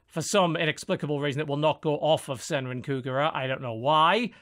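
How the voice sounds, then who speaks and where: A man's voice: a little high, brisk, a bit bright. A man hosting a casual gaming podcast, dry and matter-of-fact as he moves through the list. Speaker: podcast host. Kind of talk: casual chat.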